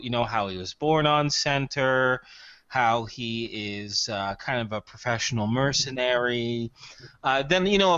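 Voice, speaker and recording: A chatty man at a tabletop game, his voice bright and a little sharp as he lays out his character's plans in detail. The mic is dry and dull, with no room sound. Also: medium pitch, no room sound. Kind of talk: casual tabletop role-play.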